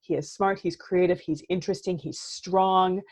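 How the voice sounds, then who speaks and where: A woman in her thirties, a therapist and coach, talking in a casual podcast chat. She is animated and keeps checking in with "right?". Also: fairly low pitch, normal speed. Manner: animated, says "right?" often, acts out quoted outbursts.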